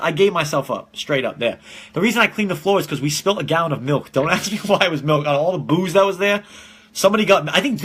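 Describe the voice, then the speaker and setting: A man's voice: on the high side, a bit bright, slightly rough. A man in his twenties hosting a casual live-streamed podcast from home, telling rambling, profane stories and laughing often. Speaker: podcast host.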